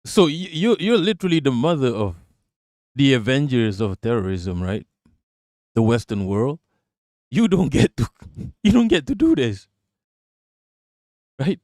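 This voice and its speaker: A man's voice: medium pitch, very animated, a little mellow, no room sound, clean studio sound. A man hosting a live stream, reacting to news clips with profane, laughing rants. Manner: ranting, profane, quick to laugh. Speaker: livestream host.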